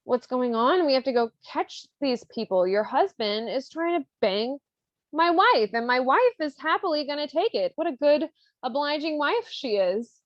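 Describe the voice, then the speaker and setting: A woman's voice: medium pitch, a little slow, no room sound, lo-fi sound, close to an everyday voice. A woman voicing a scheming, jealous young male servant, talking in an indignant, sweet-talking manner.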